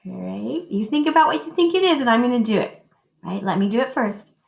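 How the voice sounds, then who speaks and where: With an expressive, creaky voice, a woman leads young children in simple call-and-response singing after telling them a story. She speaks slowly in an encouraging sing-song, showing high and low notes, recorded in an echoey classroom used for music.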